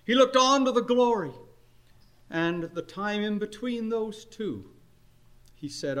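Older male preacher, earnest, raised pitch. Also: lively intonation, takes it slowly, long pauses. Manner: earnest storytelling, swinging between soft and loud. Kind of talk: sermon.

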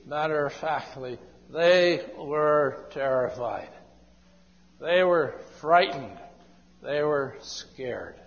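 A male preacher delivers a sermon in a slightly high voice, drawing his phrases out very slowly. The recording is dull and lo-fi, and long reverb rings through the church hall. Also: a little hiss or hum. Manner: slow, emphatic, drawn-out phrasing. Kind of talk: evangelistic sermon.

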